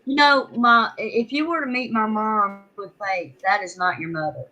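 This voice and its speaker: A woman's voice: medium pitch, moderate pace, sharp tone, rough recording. A woman with a Southern Louisiana accent chatting casually, often restarting her sentences. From Louisiana, USA. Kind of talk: casual chat.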